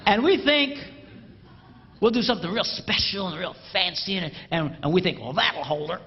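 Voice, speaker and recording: A man giving a humorous live talk to an audience, playful and animated. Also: high voice, moderate pace, noisy background. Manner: playful and animated, mimics a bell sound. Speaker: speaker addressing an audience. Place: large hall with a live audience. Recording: dull, roomy hall recording.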